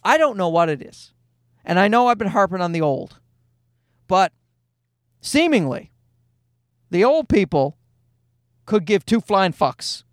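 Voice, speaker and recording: Man in his thirties, high-pitched, dry, profane, sarcastic, casual comic storytelling. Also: big pitch swings, unhurried, pauses often, dry recording.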